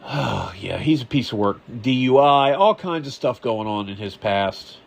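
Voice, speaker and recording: A man's voice: mid-range voice, expressive, moderate pace, creaky. A man hosting a podcast, giving casual political commentary in a sarcastic, rambling way with muttered asides. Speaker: podcast host.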